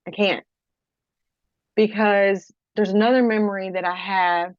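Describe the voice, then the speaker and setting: A woman from Kentucky giving a personal testimony in an interview, halting, restarting her sentences and often checking in with the listener. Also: mid-range voice, fairly even intonation, no echo, lo-fi sound. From Kentucky, USA. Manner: halting, frequent restarts, keeps checking with "okay?". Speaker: guest.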